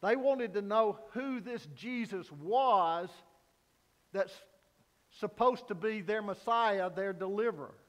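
A man preaching a sermon as pastor, earnest, swinging from loud emphasis down to quiet, low lines. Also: slow pace, muffled recording. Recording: long hall reverb.

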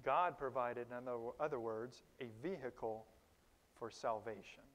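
A man preaching a sermon in a conversational, animated way, with sudden loud emphases and quiet asides to the congregation. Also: mid-range voice, normal speed. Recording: long reverb of a large hall.

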